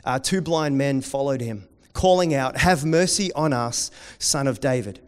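A man preaching a sermon, dropping to quiet intensity and rising to loud, excited storytelling. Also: medium pitch, a little slow, smooth. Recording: long hall reverb.

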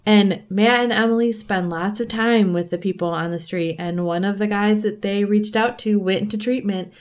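A woman's voice: mid-range voice, fairly even intonation, normal speed. A woman guest in a casual faith conversation, talking candidly and animatedly, often saying "like" and laughing at herself. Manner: frequent filler "like". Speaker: podcast guest.

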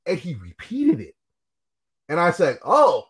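A man's voice: fairly high pitch, huge pitch swings, a little slow, fairly bright tone, slightly rough. A man chatting casually and telling blunt, profane stories from his working life. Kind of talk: casual chat.

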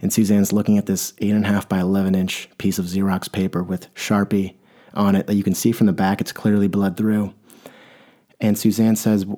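A man rambles through a comic story, full of wry asides and shifting pace. His voice is low and mellow, and his delivery is relaxed and unhurried. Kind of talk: comedic monologue.

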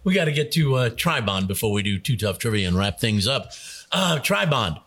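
A man's voice: mid-range voice, moderate pace, husky. A man hosting a radio show, telling jokes in a casual, chuckling way. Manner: animated joke-telling with voices and chuckles. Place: radio studio.

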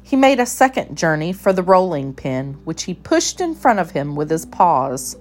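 A woman reading a children's storybook aloud with measured, expressive narration. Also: lowish voice, faint music behind. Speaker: storybook reader.

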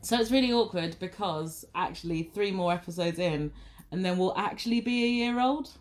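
A young woman co-hosting a podcast in casual chat, chatty and quick to correct herself. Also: fairly low pitch. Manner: chatty, self-correcting, giggly. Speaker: podcast co-host.

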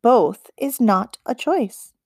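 A woman voicing a proud, cold female forest witch queen in an audiobook, speaking slowly and deliberately with mocking scorn. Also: fairly high pitch, animated, darkish tone, no echo, clean studio sound, exaggerated voice. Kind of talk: audiobook character reading.

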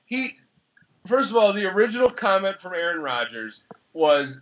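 A man's voice: sits high, very animated, fairly bright tone, muffled recording. A man co-hosting a podcast in casual sports chat, fired up and swearing as he argues his point. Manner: fired up, swearing, talks fast in bursts. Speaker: podcast co-host.

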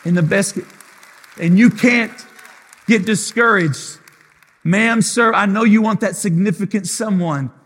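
A man's voice: sits high, unhurried, fairly bright tone, a faint crowd. A man preaching as lead pastor in a live sermon, with impassioned, repetitive phrases that swell into sung lines. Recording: long hall reverb.

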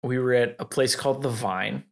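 A man with a strongly gravelly, fry-heavy voice chats as a podcast co-host. He stumbles over repeated words and laughs readily. His pitch sits mid-range. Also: moderate pace. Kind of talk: casual interview chat.

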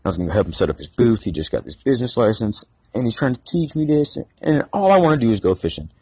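A man's voice: medium pitch, very animated, fast talker, a little mellow, husky, dry recording. A man telling a rambling, profane story in a casual rant. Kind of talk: casual ranting anecdote.

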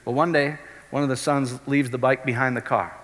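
Animated preacher man in a reverberant hall. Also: mid-range voice, brisk. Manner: animated, keeps asking the crowd if it makes sense. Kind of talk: sermon.

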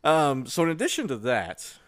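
A man's voice: a little high, very animated, normal speed, dry recording, clean studio sound. Jokey man chatting on a podcast. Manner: joking, laughs often. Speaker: podcast co-host. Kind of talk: casual chat.

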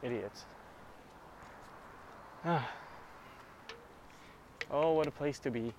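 A man's voice: mid-range voice, very slow, darkish tone, slight background noise. A man hosting a casual solo podcast, rambling with lots of swearing about music and daily annoyances. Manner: profane, rambling, scats and sings improvised blues. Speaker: podcast host.

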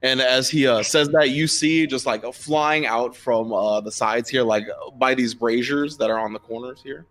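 A man's voice: mid-range voice, moderate pace, hardly any pauses, fairly bright tone. Rambling male game master. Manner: rambling, filler-heavy description. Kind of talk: narrating a tabletop game.

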